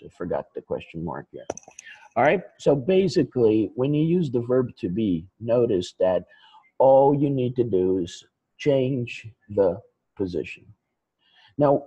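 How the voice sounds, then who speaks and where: A man teaching English grammar in a screen-recorded lesson, patient and slow, repeating each example. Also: medium pitch, mellow, breathy edge, no room sound, highs cut off.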